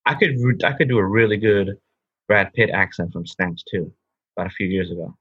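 A man with a husky, slightly low voice, co-hosting an easygoing chat. The recording is dry and a little dull, and his tone stays enthusiastic. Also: brisk, no room sound. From United States. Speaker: podcast co-host. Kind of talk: casual chat, then reading a script.

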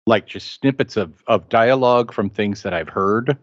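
A man with a lowish voice tells stories on a podcast, lively in the telling. His audio is dry and a little muffled, like a modest home setup. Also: normal speed, no room sound. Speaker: podcast co-host. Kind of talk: casual chat.

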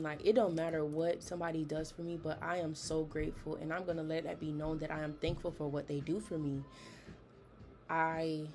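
A woman's voice: sits low, darkish tone, slight background noise. A young woman hosting a podcast, chatty and emphatic, giving casual motivational talk with slangy asides. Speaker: podcast host.

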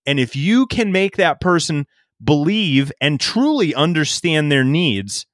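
A man's voice: fairly high pitch, measured pace, no room sound, studio quality. A middle-aged man telling a casual sales story as a podcast guest, laughing often and quoting himself. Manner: animated anecdote-teller, laughs often, quotes himself.

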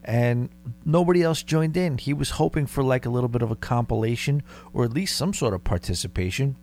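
A man's voice: medium pitch, a little fast, darkish tone. Male podcast host, 30s, Long Island accent, chatty storyteller, light background hum. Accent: Long Island New York. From Long Island, New York. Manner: rambling, conversational, dare-I-say asides. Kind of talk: casual storytelling.

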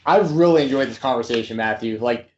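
A laid-back man hosting a podcast interview. He asks questions casually and laughs along. The audio is dull and low-fidelity. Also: quick pace, a little mellow, slight background noise. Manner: laid-back, laughs often, says dude. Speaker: podcast host.

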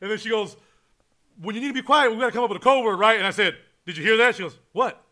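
Guy hosting a podcast, high bright voice, cusses a lot, rattles through his stories. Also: fast talker. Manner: profane, excitable storyteller. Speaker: podcast host. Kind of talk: casual podcast chat.

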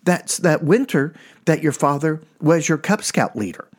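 A man's voice: a little high, animated, moderate pace, breathy edge, voice pushed up. A man voicing his blunt, indignant mother, who corrects and scolds in a raised, matter-of-fact voice. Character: exasperated blunt mother, middle-aged woman.

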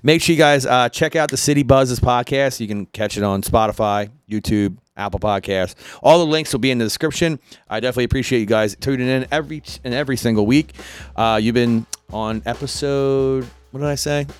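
A young man hosting a casual podcast chat, easygoing and quick to laugh, with lots of "uh" as he talks. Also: medium pitch, clean tone. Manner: laid-back, laughing, trailing off with "uh". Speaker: podcast host.

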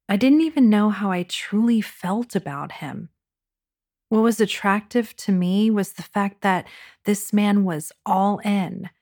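A woman hosting a podcast, narrating a personal dating story with intimate hushed passages and wry, sarcastic asides. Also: mid-range voice. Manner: intimate, dropping to a hushed whisper for racy moments. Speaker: podcast host.

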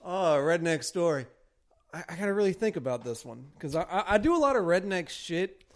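A man in loose podcast banter who trips over his opening words before getting going. His voice is quite high and moves lively through its range. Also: brisk. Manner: hesitant, repeats words when starting.

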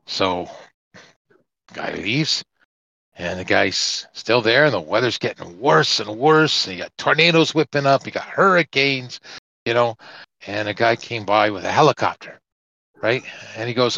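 Bright-voiced podcast co-host, lo-fi. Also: male voice, mid-range voice, vocal fry, no echo. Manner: chatty storyteller, halting restarts. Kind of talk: casual chat. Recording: dull, lo-fi, dry podcast audio.

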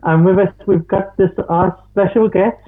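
A squeaky, sing-song woman's voice pitched well above her normal range, as a woman puts her on. She plays it theatrically and over the top. It comes through a tinny, phone-like line. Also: fairly even intonation, normal speed, close to an everyday voice. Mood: silly. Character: Factual Fanny, a shrill silly adult woman persona.

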